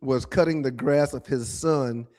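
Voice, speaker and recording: A man's voice: medium pitch, unhurried, a little mellow. A man co-hosting a casual talk show, joking and building up stories about himself. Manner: joking, builds up tall tales.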